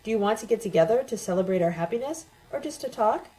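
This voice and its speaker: A woman reading a cool, ironic woman, pitched up. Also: animated, quick pace, warm tone, close to an everyday voice, poor audio.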